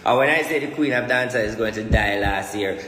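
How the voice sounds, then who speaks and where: A Jamaican man styling himself a spiritual prophet delivers a ranting monologue, hammering each point with emphatic repetition. His fairly low voice is fast, with music in the background, and it rings through an echoey room with a long reverb tail after each phrase.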